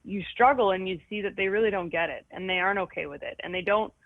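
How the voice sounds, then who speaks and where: A woman appears as a guest in a candid conversation about anxiety, speaking frankly with self-mocking humour and frequently restarting her sentences. Her medium-pitched voice moves at a quick pace. The line sounds tinny and phone-like, dry with no room sound.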